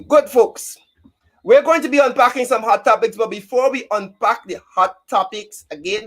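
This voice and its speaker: A man's voice: high-pitched, fairly bright tone. A man hosting a casual live-stream talk show, chatting and greeting viewers by name.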